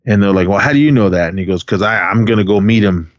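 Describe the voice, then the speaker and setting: This podcast co-host talks fast in a lowish voice, casually retelling a film's plot in a rambling way full of fillers and quoted lines. There's no echo, and the lo-fi sound is dull and dry.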